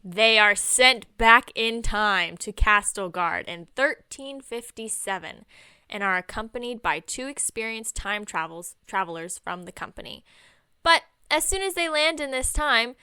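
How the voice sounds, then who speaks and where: A young woman walks through a book's plot in casual podcast chat, dropping dry, sarcastic remarks along the way. Her voice is bright and crisp, and the recording is close and dry, with no room sound. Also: mid-range voice, dry recording. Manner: wry, sarcastic asides while summarizing. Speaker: podcast co-host. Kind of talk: casual chat recapping a novel.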